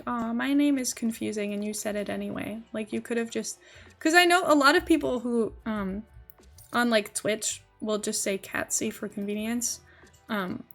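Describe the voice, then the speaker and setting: A woman's voice: fairly high pitch, a bit bright. A young Dutch-born woman streamer with a mixed American-British accent, chatting casually in a rambling way with lots of fillers. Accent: mixed Dutch-born English, partly American, partly British. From Netherlands. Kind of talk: casual chat while game streaming.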